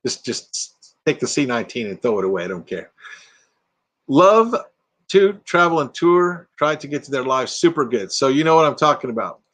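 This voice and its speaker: In a sing-song, medium-pitched voice with a fairly bright tone, the older host keeps a moderate pace. He chats casually with his livestream audience from a green-screen room at home, reading viewer comments aloud and often breaking into laughter.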